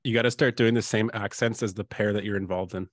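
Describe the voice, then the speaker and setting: A man's voice: lowish voice, steady tone, fast talker, no room sound, studio quality. A man co-hosting a trading stream, giving casual market commentary with hesitant starts. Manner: hesitant, many fillers and restarts. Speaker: co-host.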